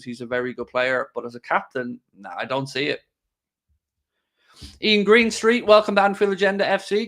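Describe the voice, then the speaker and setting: A man's voice: mid-range voice, fairly bright tone. A man hosting a live stream, chatting casually and joking as he answers viewers' questions. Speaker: livestream host.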